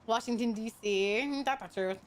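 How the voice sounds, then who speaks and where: A woman's voice: on the high side, moderate pace. A young woman from Hawaii streaming a game and reading chat aloud. She talks in a brash, profane, teasing way and laughs often. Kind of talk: casual gaming livestream, reading chat.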